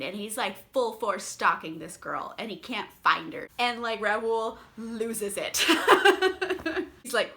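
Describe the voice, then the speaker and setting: A woman's voice: a little high, animated, a little slow, pushed and bright. A tipsy young woman recapping a book in a profane, rambling way and laughing often. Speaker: book vlogger.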